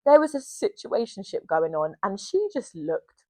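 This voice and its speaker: A young woman co-hosting a podcast, telling a story in an animated, sweary, casual way. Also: medium pitch, normal speed, no room sound. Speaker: podcast co-host. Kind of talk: casual chat.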